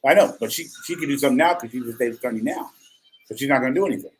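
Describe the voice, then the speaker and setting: Chatty middle-aged radio host, jokey. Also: male voice, medium pitch, racing, a little hiss or hum. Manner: chatty, jokey, rambling with restarts. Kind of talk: casual radio talk.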